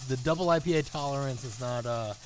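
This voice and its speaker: A man's voice: mid-range voice, fast talker, slight background noise. A man co-hosting a casual podcast chat, telling a story in a rambling way with many restarts and laughs. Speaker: podcast co-host.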